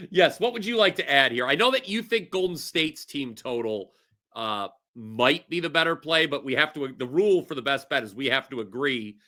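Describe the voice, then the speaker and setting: Male betting-show host, bright tone, upbeat and jokey. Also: mid-range voice, lively intonation, moderate pace. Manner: upbeat, jokey, laughs easily. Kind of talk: casual sports betting talk.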